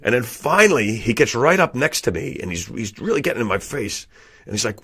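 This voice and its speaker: A man's voice: mid-range voice, big pitch swings, fairly quick, pushed and bright, husky. A man telling a profane work story in casual podcast chat, laughing often as he goes.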